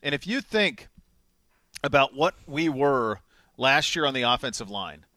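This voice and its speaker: A man co-hosting a sports talk show, speaking with emphatic, excitable energy and repeating words for stress. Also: medium pitch, a little slow, dry recording, clean studio sound. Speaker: sports radio co-host.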